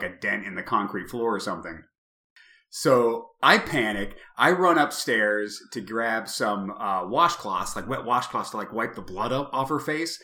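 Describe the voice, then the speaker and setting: Animated, swearing man telling a story. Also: mid-range voice, reverberant. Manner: animated, profane, swings to shouting in retold moments. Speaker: podcast co-host. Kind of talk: casual storytelling.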